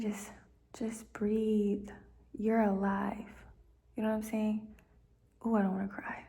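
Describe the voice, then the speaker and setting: A woman's voice: medium pitch, warm tone. A young woman talking at home in a casual, heartfelt monologue, rambling with many fillers and dropping into near-whispers. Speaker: vlogger giving life advice.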